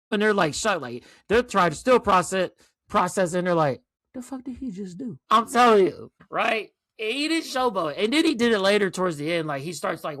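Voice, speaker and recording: Forty-something male host, fairly high lively voice, profane and emphatic casual talk. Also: no echo, clean studio sound. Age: 40s. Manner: animated, profane, emphatic with rhetorical "right?". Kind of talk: casual commentary monologue.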